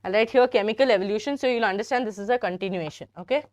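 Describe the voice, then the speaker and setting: A woman's voice: medium pitch, racing. Chatty Indian woman teaching biology. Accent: Indian English. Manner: chatty, teasing, addresses students often. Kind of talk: live online biology lesson.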